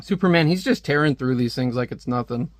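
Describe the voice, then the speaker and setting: A man's voice: mid-range voice, brisk, dry recording. A man giving a casual, wry comic book review with a conversational manner.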